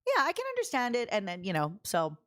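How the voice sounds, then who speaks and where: A woman streamer chatting casually, telling a personal story in a rambling, animated way with many restarts and asides. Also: on the high side, fast. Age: adult.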